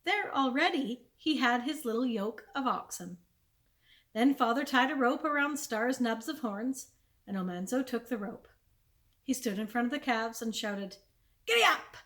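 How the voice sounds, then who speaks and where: A woman, a children's librarian, reading a chapter book aloud with clear, expressive storytelling. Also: fairly high pitch, normal speed.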